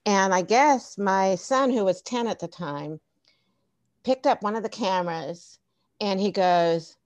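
Middle-aged woman, podcast guest, chatty storyteller, lively laughs, dry close sound. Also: medium pitch, measured pace, dry recording. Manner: animated, laughing storyteller with many restarts. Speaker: podcast guest, former teacher and tech coach. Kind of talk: casual storytelling interview.

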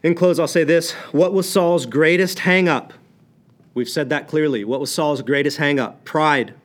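A pastor delivering a sermon in a fairly high voice. He preaches with fervor, rising loud and then dropping to a hushed intensity to drive points home. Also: moderate pace. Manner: impassioned preaching that swings from loud to quiet.

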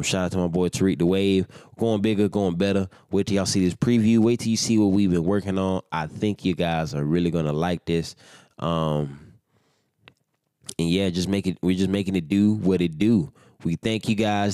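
Young male podcast host, low-ish voice, sleepy, profane, rambling solo chat, dry close mic. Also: a little mellow, dry recording. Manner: loose, rambling and profane, yawning. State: sleepy, without his morning coffee.

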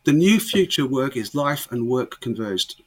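A man's voice: mid-range voice, big pitch swings, a little slow, husky. A man, talking emphatically in a conversational interview and often repeating words as he restarts.

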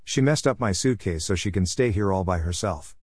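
A man's voice: sits low, lively intonation, brisk, a little mellow, slightly rough, no echo, clean studio sound. A man voicing a whiny, demanding little boy in a children's story.

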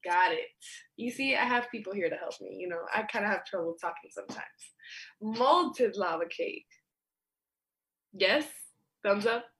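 A woman's voice: mid-range voice, fairly quick, a bit bright. A woman guest in a casual chat, rambling and searching for words.

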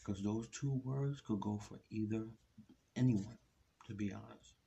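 A man's voice: fairly low pitch, measured pace, creaky, dark tone, breathy edge, dull audio. A man giving a blunt, ranting opinion monologue, firing rhetorical questions at his audience. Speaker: vlogger. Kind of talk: solo opinion rant to camera.

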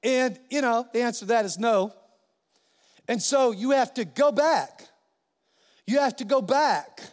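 A man delivers a sermon from the pulpit in a high, bright-pitched voice. He tells stories with animation, acting out the quoted voices. The sound carries a long reverb, like a church sanctuary. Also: a little slow. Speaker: pastor.

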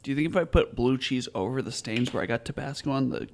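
A man's voice: medium pitch, quick pace, a little mellow, slight background noise. A man chatting casually with friends as they taste hot sauce, describing the flavors vividly and playfully. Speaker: taste tester. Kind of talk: casual group chat.

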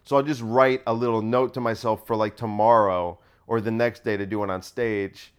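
A man's voice: lowish voice, fairly even intonation, normal speed, clean tone. Rambling, self-amused male comedian. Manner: rambling, self-amused, laughs at own jokes. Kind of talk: solo comedy riff.

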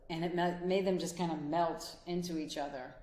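This motivational monologue comes from a life coach and couples therapist whose somewhat low, dark voice stays fairly even at a moderate pace. She speaks directly and earnestly to the listener, encouraging them, while the room echoes around her.

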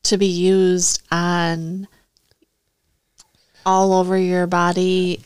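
A woman co-hosting a casual chat, speaking slowly and unhurriedly. She reacts with shocked exclamations, and her voice sounds dry and close, with no room around it. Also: lowish voice, completely flat delivery, clean tone, no room sound. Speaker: co-host.

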